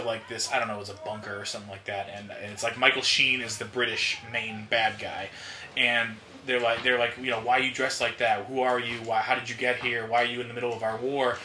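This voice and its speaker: A man's voice: mid-range voice, sharp tone. A man telling a long rambling story in casual chat, swearing and laughing often. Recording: echoey room, faint noise.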